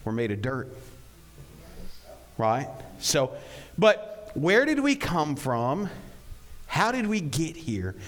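A man preaching a sermon, telling jokes and stories with animated delivery and frequent rhetorical questions. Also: on the high side, slow, pauses often. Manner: rhetorical questions, repeated "right?".

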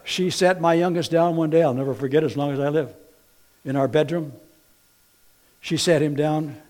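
Animated man preaching a sermon. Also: fairly high pitch, normal speed. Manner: animated, swings from quiet to loud; folksy storytelling with playful asides. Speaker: pastor.

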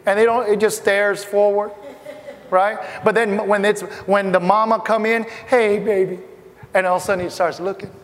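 A middle-aged man from Asia preaches in a high voice, talking with the congregation as if in conversation. His words ring out with a long reverb from a church hall. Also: level tone, moderate pace. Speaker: pastor. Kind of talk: sermon.

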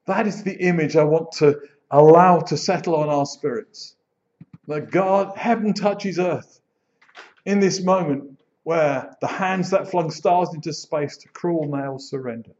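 A man preaching a sermon as pastor, expressive, slowing down to dwell on phrases and telling stories with animation. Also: on the high side. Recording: dull lo-fi sound.

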